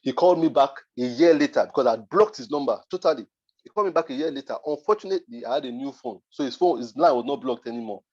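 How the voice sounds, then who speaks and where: A man's voice: medium pitch, fast talker, darkish tone, lo-fi sound. A Nigerian man, a design mentor, giving a motivational masterclass talk, emphatic and repeating his points for force.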